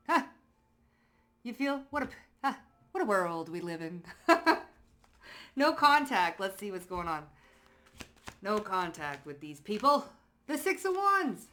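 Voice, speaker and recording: A woman's voice: mid-range voice, measured pace. A woman doing a casual pick-a-card tarot reading, chatty and slangy, cursing freely and laughing as she talks straight to her viewers. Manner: lively storytelling with frequent laughs. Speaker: psychic tarot card reader.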